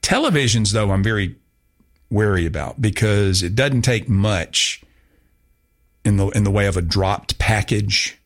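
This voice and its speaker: A low-pitched man hosting a casual talk radio show, chatting and rambling along with an easy, self-mocking humor. His sentences often restart as he goes. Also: a little slow.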